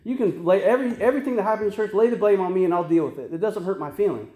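A man's voice: sits high, very fast, warm tone, echoey room. A man preaching a sermon as pastor, earnest and conversational, with frequent restarts and tag questions.

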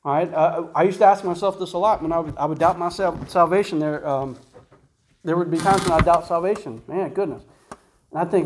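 A man's voice: fairly high pitch, brisk, slight background noise, poor audio. A man giving an informal Bible teaching in a conversational way, often asking "right?" and "guess what?" to the listener. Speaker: preacher.

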